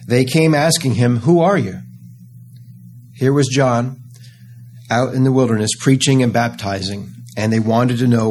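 A man preaching a sermon, earnest and emphatic, slowing down to stress key phrases. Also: mid-range voice, a little hiss or hum.

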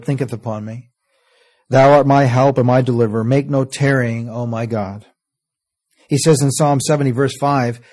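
A man preaching a sermon, earnest, reading scripture slowly and letting phrase ends fall soft. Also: mid-range voice. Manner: earnest, often trailing off softly at phrase ends; reads scripture in slow, stressed King James cadence.

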